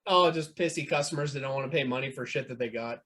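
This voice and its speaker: A man's voice: medium pitch, fast talker, bright, forceful tone. A man trading dry quips as a guest on a casual podcast. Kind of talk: casual chat.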